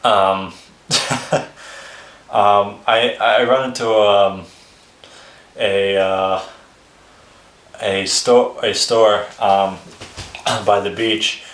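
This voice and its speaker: A man with a fairly low voice tells a personal story in a loose, rambling, conversational way. He swears casually and keeps breaking into short chuckles. The sound is roomy, with a noticeable echo around him. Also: fairly even intonation, extremely slow, long pauses, fairly bright tone. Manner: rambling, chuckles between phrases, swears freely. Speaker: vlogger telling his life story.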